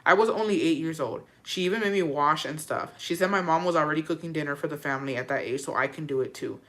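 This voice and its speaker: A woman's voice: deep voice, fast. A woman hosting a casual advice podcast, reading listener letters aloud and answering with frank, slangy talk and free swearing. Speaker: podcast host giving advice.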